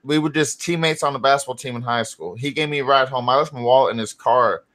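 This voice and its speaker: A man's voice: medium pitch, quick pace, fairly bright tone. A man in casual chat, telling a story in a laid-back, matter-of-fact way.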